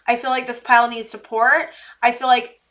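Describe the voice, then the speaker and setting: A woman's voice: fairly high pitch, level tone, normal speed, a bit bright. A woman giving a casual tarot reading to camera. She speaks earnestly and pleadingly, repeating her words and using many fillers. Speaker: tarot reader.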